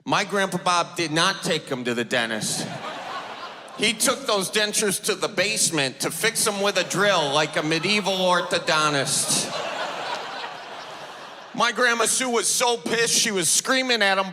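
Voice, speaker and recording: A man's voice: high-pitched, a little slow, background noise. A man doing stand-up on a club stage, telling folksy family stories to the crowd. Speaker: stand-up comedian. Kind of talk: stand-up storytelling. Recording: long hall reverb.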